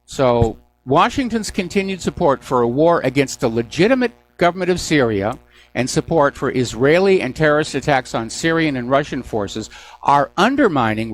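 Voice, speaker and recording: A man hosting a news commentary call-in radio show, delivering sarcastic, mocking asides. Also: fairly high pitch. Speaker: radio talk show host.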